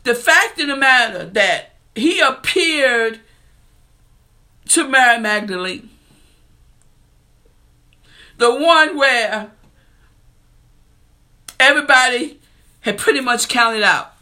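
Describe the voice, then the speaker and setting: A woman preacher with a high, bright voice delivers a sermon. She reads scripture aloud and takes her time over it. Her manner is earnest and heartfelt throughout. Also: expressive, slow pace, long pauses.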